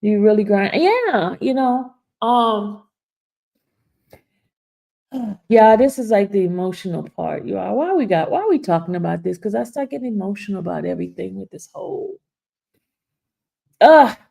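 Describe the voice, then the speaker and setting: Gravelly emotional woman livestream host. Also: medium pitch, sing-song, moderate pace, long pauses, warm tone. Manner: emotional, laughing through tears. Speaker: YouTube host. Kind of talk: casual live-stream chat reading comments.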